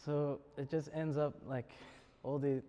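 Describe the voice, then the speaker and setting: A man's voice: a little high, little pitch movement, moderate pace, warm tone, dull audio, slight background noise. Aussie guy lecturing students, jokey, chuckles a lot, big reverby hall. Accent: Australian. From Australia. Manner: joking, chuckles often. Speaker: spiritual speaker.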